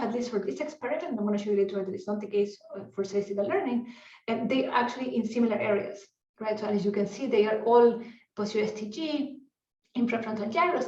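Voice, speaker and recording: A woman's voice: fairly high pitch, a little mellow. Woman lecturing, roomy and distant. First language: Spanish. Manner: conversational, peppered with "you know" and restarts. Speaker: neuroscience researcher giving a talk. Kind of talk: conference lecture. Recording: roomy, distant, dull lecture-hall recording.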